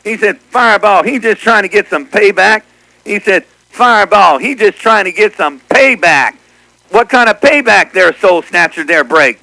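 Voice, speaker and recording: A man's voice: sits high, lively intonation, normal speed, creaky, pushed and bright, poor audio. A man chatting casually as a CB radio operator, teasing others and repeating what they said on air.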